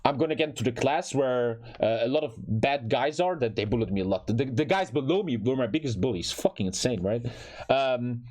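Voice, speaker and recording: A man's voice: medium pitch, fairly quick. A man with a German accent, a streamer telling a personal story in casual, swearing, repetitive style while gaming. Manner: animated, swears often, repeats phrases for emphasis.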